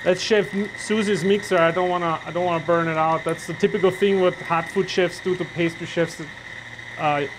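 A man with a fairly high voice talks through a live online cooking lesson from a kitchen. He is chatty and cracks jokes as he explains each step while he works. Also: fairly even intonation, moderate pace, background noise. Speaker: chef instructor.

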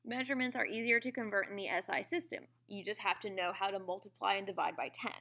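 A woman's voice: mid-range voice, fast talker, vocal fry, bright, forceful tone. A woman teaching a science lesson in a conversational way, often checking in with "okay?" and "all right?". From United States. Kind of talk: classroom lecture.

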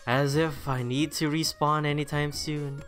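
A man giving casual gameplay commentary, excitable and self-mocking, talking to the creatures in his game. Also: a little high, unhurried. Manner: excitable, self-mocking, talks to the game's mobs. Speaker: gaming YouTuber. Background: background music.

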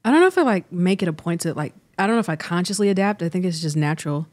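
A woman guest in a studio conversation, talking softly and hesitantly with many pauses and fillers. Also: lowish voice, animated. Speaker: guest musician. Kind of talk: casual conversation. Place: podcast studio.

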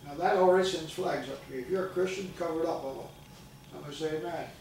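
Older gravelly preacher in an echoey church. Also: male voice, fairly high pitch, fast, darkish tone, slight background noise. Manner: folksy storytelling with call-outs to the congregation. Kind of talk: sermon. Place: church sanctuary. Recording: echoey church recording from far off.

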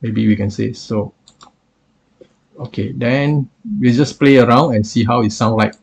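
A man reviewing software in a screen-recorded tutorial, explaining with many hesitations and filler phrases. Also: mid-range voice, measured pace, vocal fry, slight background noise.

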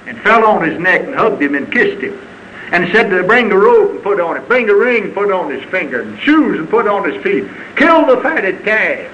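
A man preaching a sermon in a fervent, folksy style, with sudden high shouts. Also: big pitch swings, normal speed, rough recording. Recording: archival sermon tape with faint hiss.

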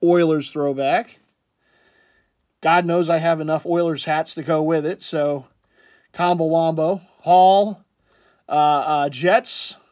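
A man's voice: fairly high pitch, steady tone, slow pace, long pauses, darkish tone. A man casually commenting on sports jerseys in a chatty, rambling way, with jokey asides. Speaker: sports jersey collector vlogger.

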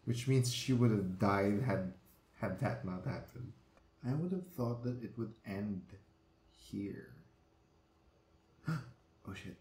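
A man giving live reaction commentary on an anime, excitable and swearing freely as he exclaims at the screen. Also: lowish voice, takes it slowly, long pauses. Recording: echoey room with faint music.

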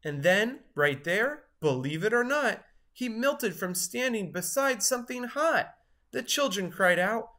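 A woman reading a rhyming children's picture book aloud in a slow, expressive, sing-song way. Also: medium pitch. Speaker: storyteller.

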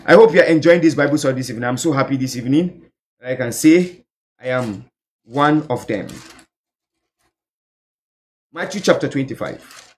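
A male evangelist preaching a sermon fervently, building to shouted, repeated calls. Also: sits high.

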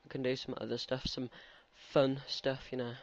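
A teenage boy does let's-play commentary in a medium-pitched voice with a level tone and moderate pace, recorded with no echo. He rambles chattily and talks back to the game characters, and the lo-fi recording sounds slightly muffled.

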